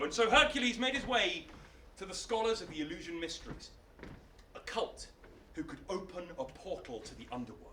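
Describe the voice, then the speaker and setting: A man telling a myth on stage in a playful, animated live storytelling style. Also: high-pitched, distant mic, slight background noise. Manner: animated, playful, laughing asides. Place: arts centre stage, live show. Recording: roomy hall, mic from afar.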